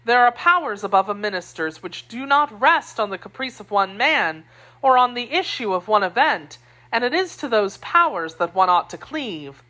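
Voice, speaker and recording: A woman's voice: fairly high pitch, expressive, normal speed, pushed and bright, pitched above the performer's own voice. A woman voicing a spirited young wife loyal to her queen, indignant and scornful, in an audiobook reading.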